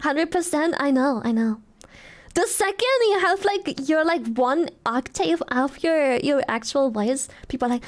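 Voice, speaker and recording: Giggly high-voiced young woman streamer. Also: measured pace. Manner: giggly, swears a lot, thanks donors excitedly. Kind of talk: casual live-stream chat.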